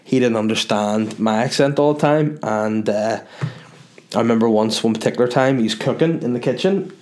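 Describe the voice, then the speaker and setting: A man's voice: mid-range voice, moderate pace, a little mellow. A young man with a Northern Irish accent, a comedian chatting loosely and jokingly as he reads out viewer messages. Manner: loose and jokey, swearing, reads messages aloud. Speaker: comedian answering viewer questions. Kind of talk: casual chat.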